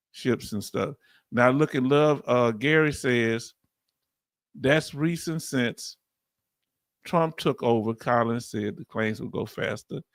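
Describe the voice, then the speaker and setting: A man's voice: medium pitch, no echo, clean studio sound. A man in his fifties with a Southern US accent, hosting a casual livestream and reading viewer comments aloud. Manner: chatty, reads chat aloud, bursts of laughing excitement. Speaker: veteran livestream host.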